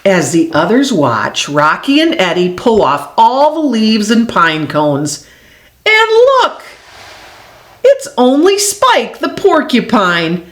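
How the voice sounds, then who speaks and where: A woman reading a children's animal story aloud in an expressive, sing-song way. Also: medium pitch.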